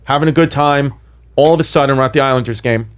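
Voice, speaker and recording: A man, telling a wild story on a podcast in an animated, profane way. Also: mid-range voice, quick pace, smooth. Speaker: comedian guest.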